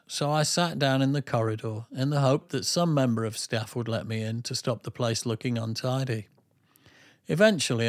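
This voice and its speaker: A man's voice: medium pitch, no room sound. A man reading his tour diary aloud with a dry, wry humour, then chatting casually as host. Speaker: podcast host.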